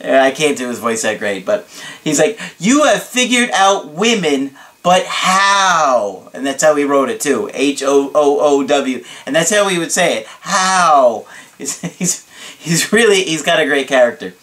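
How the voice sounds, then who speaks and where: A dating coach talks casually and animatedly to the camera, laughing often and checking in with his listeners. His voice is mid-range and his speed normal.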